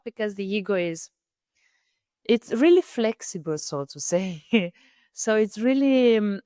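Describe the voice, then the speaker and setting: A woman hosting a podcast, speaking thoughtfully and haltingly, with an occasional soft laugh. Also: mid-range voice, no room sound, clean studio sound. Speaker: podcast host. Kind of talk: reflective conversation.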